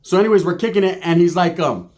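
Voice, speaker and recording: A man's voice: high-pitched, fast talker. A man telling a comic story in a casual, profane way, acting out what people said. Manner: profane, animated, acts out quotes.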